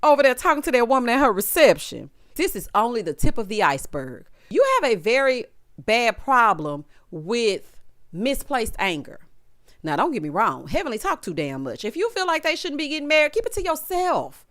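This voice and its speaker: Sassy woman with a lively voice. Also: on the high side, moderate pace, no echo, studio quality. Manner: sassy, talks to viewers directly, acts out cast members' lines. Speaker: reality TV recap host. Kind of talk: casual opinionated recap.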